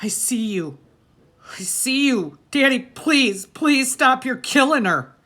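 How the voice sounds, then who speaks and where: A woman reading an audiobook, voicing a desperate teenage boy in high, strained shouts. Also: animated, slow, exaggerated voice. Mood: pleading. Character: desperate teenage boy, big and slow-spoken. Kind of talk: audiobook character voice.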